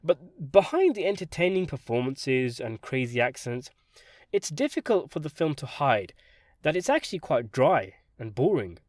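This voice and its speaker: Sarcastic guy doing a movie review, lively up and down voice, dry close mic. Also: a little high, moderate pace, no echo. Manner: sardonic, animated delivery with sudden jumps for emphasis. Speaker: film critic. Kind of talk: scripted film review.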